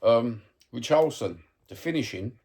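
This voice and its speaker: A man's voice: mid-range voice, lively intonation, normal speed, darkish tone, husky. Sweary man ranting. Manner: blunt, sweary, heated. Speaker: football fan vlogger. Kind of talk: ranting match review.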